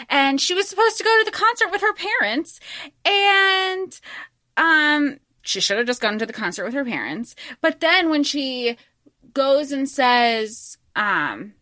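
A woman co-hosting a podcast, chatting casually about a movie in an animated, emphatic way with quick asides. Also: high voice, no echo, clean studio sound. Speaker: podcast co-host.

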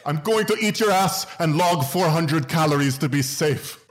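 A man voicing a boastful male fighter in a rough attempt at an Irish accent. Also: fairly high pitch, animated, moderate pace, soft background music, voice pushed up, lightly acted. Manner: brash, trash-talking.

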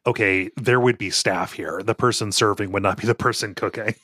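A man's voice: lowish voice, fairly even intonation, brisk, a bit bright, slightly rough, no room sound, clean studio sound. A man co-hosting a casual chat, laughing often and repeating words as he starts. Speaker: podcast co-host.

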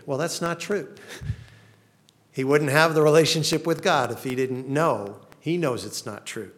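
A man's voice: medium pitch, a little slow. A male pastor preaching a sermon in an earnest manner, reading laments with rising passion.

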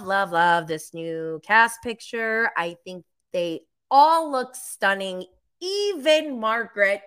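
Chatty woman with a bright, forceful voice. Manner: chatty, filler-heavy, lots of "like"; animated, jumps high when quoting herself. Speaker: live show host recapping reality TV. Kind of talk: casual live-stream chat.

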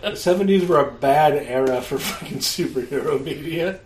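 A man's voice: on the high side, moderate pace, darkish tone, echoey room, slight background noise. A man co-hosting a casual chat, chiming in with knowledgeable comic-book remarks. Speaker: podcast co-host.

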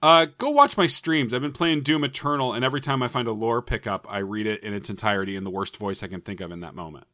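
A man's voice: lowish voice, fast, hardly any pauses, bright, forceful tone, no echo, clean studio sound. A man co-hosting a podcast in casual banter, swearing a lot and joking with mock anger. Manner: profane, mock-angry joking. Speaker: podcast co-host.

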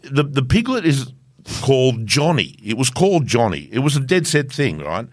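A man's voice: mid-range voice, big pitch swings, normal speed, no room sound, clean studio sound. A man hosting a comedy podcast, telling stories with enthusiastic, sweary chatter. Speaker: podcast host. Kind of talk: casual comedic podcast chat.

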